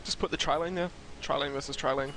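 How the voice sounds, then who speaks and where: A man from New Zealand, a guest commentator, giving relaxed, matter-of-fact analysis of an online game. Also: on the high side, fast talker, soft background music. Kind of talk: casual esports commentary.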